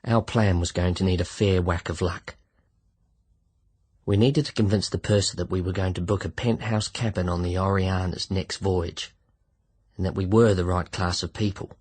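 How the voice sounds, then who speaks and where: A man narrating a literary short story in the first person, measured and reflective. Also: low voice, slightly rough. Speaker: audiobook narrator.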